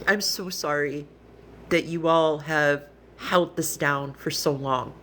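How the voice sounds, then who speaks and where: A woman's voice: low voice, steady tone, slow, fairly bright tone, a little hiss or hum. Earnest, emotional woman on a live stream. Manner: earnest, heartfelt, rambling with restarts. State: tearful, emotional. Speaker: livestreamer. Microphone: phone.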